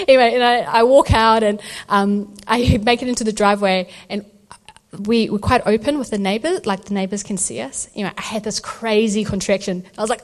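At a church event, a woman gives a testimony about a birth, telling it with animation and acting out the voices of the people involved. Her voice is medium-pitched and brisk.

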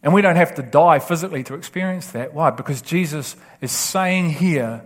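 Man, pastor, sermon, high-pitched, impassioned. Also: normal speed. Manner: impassioned, laughing, acts out quoted voices.

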